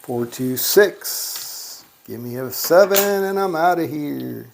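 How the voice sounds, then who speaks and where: Slow gravelly guy calling out dice rolls, muttering little curses, casual running commentary. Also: on the high side, animated, darkish tone, slight background noise. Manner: calls out dice rolls, mutters mild cursing. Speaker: gambling vlogger. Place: casino electronic craps machine.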